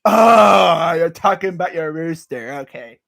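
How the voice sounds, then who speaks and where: A man's voice: high voice, a little slow. A young man vlogging as a sports fan, ranting casually and swearing a lot. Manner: animated, ranting, swears and says bruh a lot.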